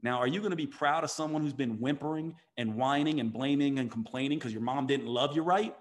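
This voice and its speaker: A man's voice: medium pitch, fairly quick. A man who is a podcast guest, a physician and coach, telling a story with emphasis and acting out the voices of the people in it. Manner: emphatic, acts out quoted voices. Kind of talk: storytelling interview talk.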